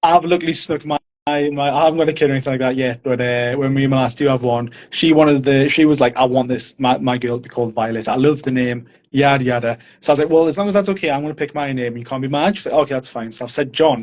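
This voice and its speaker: A man's voice: medium pitch, fast talker, a little mellow. A young man, chatting casually and laughing as he tells stories. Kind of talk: casual chat.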